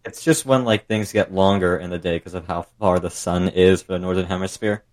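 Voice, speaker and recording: A man's voice: low voice, fairly even intonation, fairly quick. A man co-hosting a casual group podcast over a call, rambling as he explains things. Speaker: podcast co-host.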